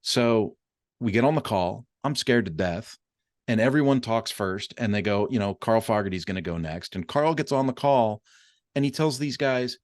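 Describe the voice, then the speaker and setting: Lively storytelling man, low and dry. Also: normal speed, no room sound. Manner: animated storyteller with many fillers. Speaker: podcast host. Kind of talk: casual interview chat.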